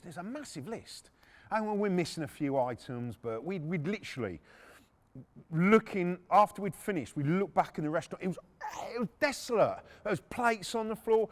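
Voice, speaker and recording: A middle-aged man, hosting a podcast and casually telling a story from his working life, blunt and swearing freely. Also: high voice. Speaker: podcast host.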